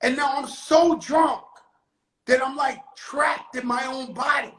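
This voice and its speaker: A man hosting his own live stream, telling a story in a casual, animated and profane way, with sudden shouted bursts. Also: very high voice, a little slow, echoey room, poor audio. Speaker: livestream host telling a story. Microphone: phone on a live stream.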